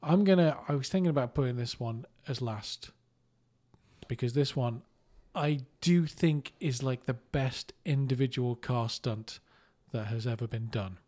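A man from England co-hosting a casual movie podcast, jokey and quick to laugh. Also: medium pitch, warm tone. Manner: jokey, laughs often, slips into put-on voices. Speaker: podcast co-host.

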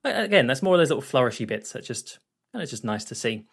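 A man talks through a film on a podcast, walking through each scene in a loose, rambling way. His voice sits at an ordinary middle pitch, and he often stops to hunt for words before pressing on. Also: very animated, quick pace, vocal fry, husky. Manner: rambling, hesitant, recaps scenes with frequent fillers. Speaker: podcast co-host. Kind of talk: casual film recap chat.

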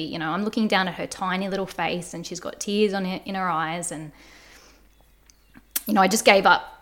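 A woman's voice: medium pitch, fairly even intonation, normal speed, fairly bright tone. A woman guest on a podcast, telling a personal story in an earnest, reflective way. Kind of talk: candid conversational storytelling.

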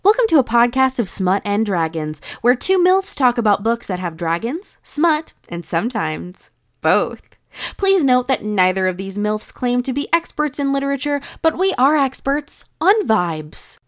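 A woman's voice: on the high side, very animated, normal speed, no echo, clean studio sound. A woman reading a scripted podcast intro in a teasing, mock-serious way. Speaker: podcast host.

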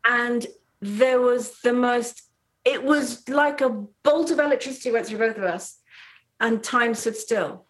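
A middle-aged woman from Trinidad, a podcast guest telling a personal story in a lively way, laughing often and acting out what people said. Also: fairly high pitch, unhurried. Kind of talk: storytelling in casual chat.

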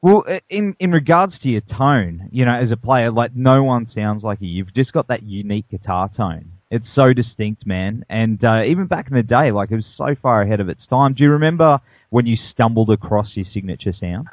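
A man's voice: mid-range voice, lively intonation, a little fast, few pauses, no room sound. A man interviewing a guest in a chatty, fan-like way, using casual slang. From Australia. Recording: tinny phone line.

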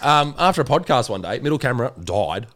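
A man's voice: medium pitch, big pitch swings, fast, a bit bright, a little hiss or hum. A man hosting a podcast, chatting casually with swearing, joking banter. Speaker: podcast host. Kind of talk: casual chat.

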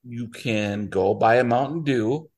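A man's voice: medium pitch, measured pace, darkish tone, dry recording. A man co-hosting a casual podcast, who delivers dry, sarcastic asides. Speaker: podcast co-host.

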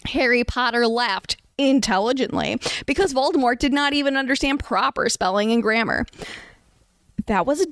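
A woman reading a satirical story aloud as narrator, in a mock-earnest, deadpan manner. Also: fairly high pitch, moderate pace, smooth, no room sound.

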